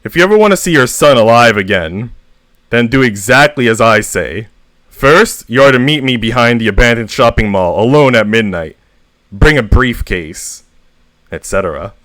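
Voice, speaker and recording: A man reading humorous short stories aloud with a deadpan comic delivery, as a VTuber reader. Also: mid-range voice, moderate pace, dry recording.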